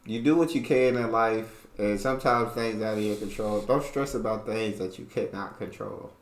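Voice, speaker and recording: A man's voice: fairly low pitch, moderate pace, reverberant. An American man hosting a reaction video, chatting playfully and laughing with a colloquial manner. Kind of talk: casual reaction chat.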